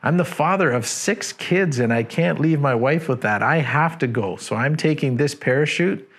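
A man's voice: on the high side, lively intonation, normal speed. A man voicing a panicked male pilot who bluntly announces he is bailing out. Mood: frantic.

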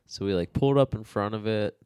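Young man, low voice, casual joking chat, dry close recording. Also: quick pace, darkish tone, smooth, no room sound. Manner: easygoing, joking, gestures while talking.

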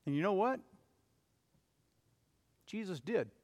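A man preaching a sermon in an earnest way, rising to urgent appeals and falling to soft, low passages. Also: lively intonation, takes it slowly, big-room sound. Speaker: pastor.

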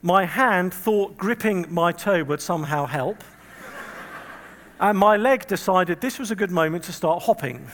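A man's voice: high-pitched, lively intonation, measured pace, fairly bright tone, big-room sound, a little hiss or hum. A man preaching a sermon in a conversational way, telling stories with humorous, self-deprecating asides and acting out quoted voices.

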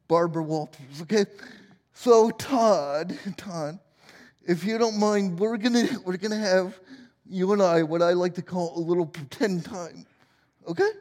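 A man's voice: high voice, a little slow, a little mellow, big-room sound. A man in his forties preaching a sermon in a church, joking and self-deprecating as he tells stories. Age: 40s. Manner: humorous, self-deprecating storytelling. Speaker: pastor. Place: church sanctuary.

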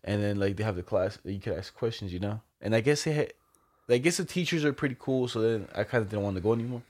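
A young man telling a story in a casual chat, relaxed and profane, slipping into quoted voices. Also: lowish voice, fast talker.

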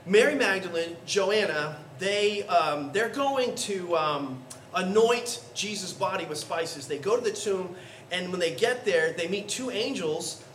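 A man, the pastor, giving a sermon in a conversational, animated storytelling way. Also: sits high, unhurried, echoey room, far from the mic, slight background noise. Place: church sanctuary.

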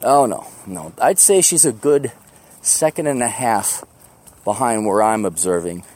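A man's voice: lowish voice, lively intonation, unhurried, a little mellow. A man hosting a podcast, rambling casually and self-deprecatingly while walking outdoors to the bus, laughing often. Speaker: podcast host. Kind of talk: rambling walk-and-talk monologue.

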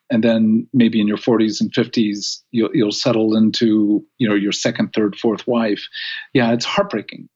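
Male podcast co-host, 60s, husky voice, gravelly, lively anecdotal delivery. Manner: animated storytelling, rising pitch when quoting. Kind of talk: reflective podcast conversation. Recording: slightly dull lo-fi audio.

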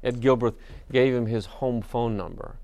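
Male preacher, gravelly, relaxed conversational sermon delivery with frequent fillers. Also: mid-range voice, normal speed. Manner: conversational storytelling with many fillers and restarts. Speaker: pastor.

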